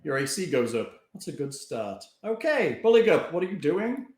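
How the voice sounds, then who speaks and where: Lively man game master, roomy echo. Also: fairly high pitch, moderate pace. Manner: lively, jokey rulings. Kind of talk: running a tabletop game.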